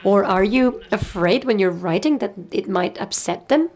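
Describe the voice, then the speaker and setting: Woman moderator asking measured questions. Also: mid-range voice, lively intonation, darkish tone. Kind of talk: panel interview questions. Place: live event venue.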